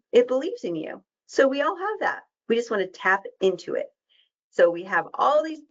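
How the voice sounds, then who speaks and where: A woman presenting a webinar as an educator, talking in a warm, encouraging and conversational way. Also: mid-range voice. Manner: conversational with fillers and quick asides. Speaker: diabetes educator leading a webinar. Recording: dull, muffled lo-fi audio.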